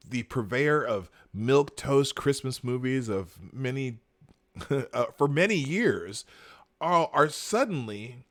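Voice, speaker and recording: A male live-show host talks at an unhurried clip, his pitch bouncing from low grumbles up to high exclaims. He rambles through sarcastic asides, filling gaps with ums and breaking into laughter often. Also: fairly bright tone. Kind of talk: casual live-stream commentary.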